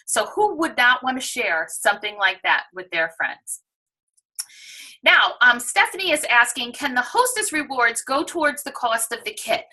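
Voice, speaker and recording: Bright high-voiced New York woman. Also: very animated, moderate pace, rough recording. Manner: enthusiastic, persuasive, acts out shoppers' voices. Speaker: direct sales presenter. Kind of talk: sales pitch talk.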